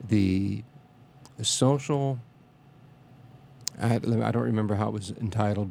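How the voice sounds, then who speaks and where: A man reminiscing in a casual interview, speaking haltingly with many restarts and fillers and a reverent tone. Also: fairly low pitch, vocal fry, warm tone, slight background noise.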